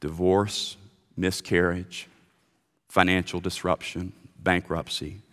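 A man preaching a sermon as pastor, animated and often stammering through restarts. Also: low voice, slow pace. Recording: long reverb of a large hall.

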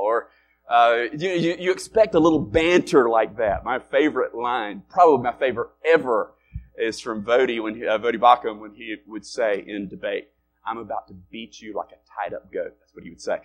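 A male pastor preaching a sermon in a conversational way, rising loud and dropping quiet to make his points. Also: medium pitch, slight background noise. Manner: conversational preaching with wide swings in loudness.

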